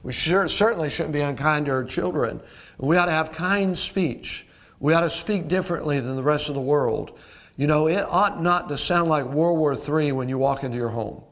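Male pastor, middle-aged, slightly raised pitch, plainspoken folksy sermon delivery. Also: moderate pace, fairly bright tone. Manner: folksy, direct address to congregation, frequent "uh" and rhetorical questions.

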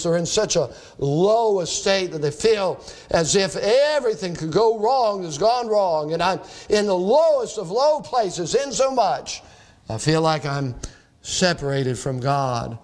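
A pastor preaching an emphatic sermon, reading old-fashioned scripture aloud and calling his listeners friends. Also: lively intonation. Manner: reads scripture in old-fashioned wording, slowing and dropping low on key words.

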